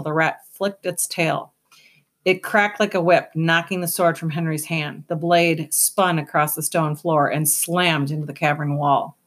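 Expressive, low-voiced woman reading a novel. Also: normal speed. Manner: expressive, lively storytelling. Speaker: audiobook narrator. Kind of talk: reading a children's fantasy novel aloud.

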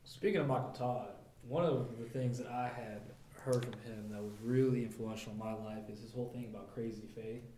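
A young man reflecting on his faith in a casual group talk, relaxed and thoughtful, speaking to the others. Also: mid-range voice, a little fast, hardly any pauses, reverberant, a little hiss or hum. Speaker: member of a faith sharing group.

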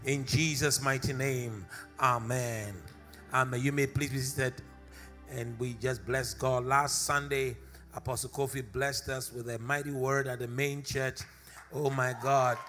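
A man's voice: mid-range voice, level tone, unhurried, a bit bright, soft background music. A man preaching a sermon to a congregation. He leads a prayer, repeats key phrases for emphasis and calls on the listeners to answer back. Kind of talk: sermon with prayer and call-and-response. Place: church service.

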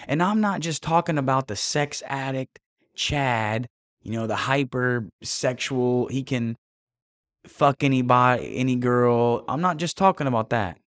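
A man's voice: medium pitch, unhurried, no echo, clean studio sound. A man delivering a blunt, profane motivational monologue, addressing the listener directly and emphatically. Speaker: motivational speaker.

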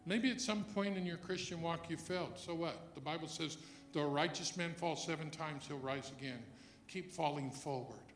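A man preaching a sermon as pastor, moving between quiet reflection and loud emphatic passages. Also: fairly high pitch, normal speed, reverberant.

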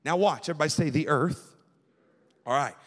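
A young man preaches to a youth service with fervent, rhythmic intensity, drawing answers from his listeners. His voice sits a little high for a man. It rings out with the long reverb of a large church sanctuary. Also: a little fast, breathy edge. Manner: fervent, call-and-response with the crowd. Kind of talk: Pentecostal-style sermon.

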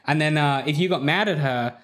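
Crude, swearing man with a slightly high voice. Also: fairly quick. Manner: crude, animated, swears a lot. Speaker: podcast co-host. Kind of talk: casual podcast banter.

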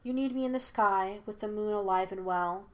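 A woman voicing a gentle but resolute young woman who speaks softly and firmly. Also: medium pitch, normal speed, close to an everyday voice. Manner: soft, gentle, firm.

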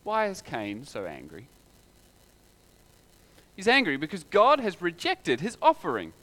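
A man's voice: high-pitched, huge pitch swings, a little slow, pushed and bright. A man preaching a sermon in a conversational way, full of rhetorical questions.

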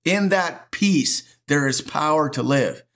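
A middle-aged male pastor preaching with a fairly high voice. He builds emphatic, repetitive phrases and keeps the delivery animated. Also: slow pace. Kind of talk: sermon.

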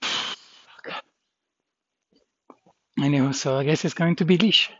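A man's voice: a little high, quick pace, a bit bright, no room sound, dull audio. Shaken man muttering and swearing. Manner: rambling, swearing under his breath, trailing off. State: shaken, adrenaline-pumped. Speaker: vlogger. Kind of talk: shaken personal vlog after a dog fight.

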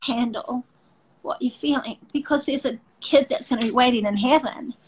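A woman's voice: on the high side, moderate pace, a little hiss or hum, rough recording. A middle-aged woman hosting a faith talk show, speaking earnestly and emotionally with many restarts. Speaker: host.

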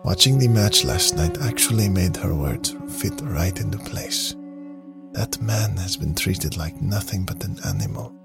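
A man reading the part of a calm, thoughtful woman, speaking in a measured, reflective way with a husky, creaky voice. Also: sits low, over loud music, pitched above the performer's own voice, exaggerated voice.

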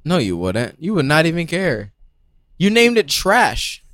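A man's voice: fairly high pitch, wildly swooping pitch, measured pace, a bit bright, no echo, clean studio sound. A young man in casual chat as a podcast co-host, blunt and playfully complaining.

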